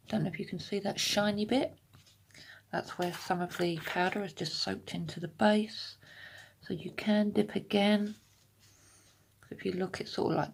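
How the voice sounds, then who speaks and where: A woman's voice: medium pitch, gravelly, breathy edge. A woman giving a casual step-by-step nail tutorial from her home desk, chatty and explanatory, sometimes dropping into half-whispers. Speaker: nail art vlogger.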